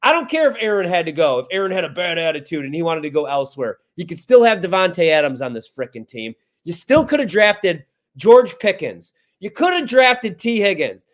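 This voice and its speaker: A man's voice: high-pitched, big pitch swings, brisk, hardly any pauses. A man co-hosting sports talk radio, ranting in a fired-up, exasperated way. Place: radio studio.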